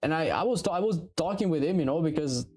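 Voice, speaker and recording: A man in his thirties from Italy with an Italian accent, chatting casually and profanely while streaming game development, rambling and animated. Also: fairly high pitch, quick pace, faint music behind. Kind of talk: casual livestream chat.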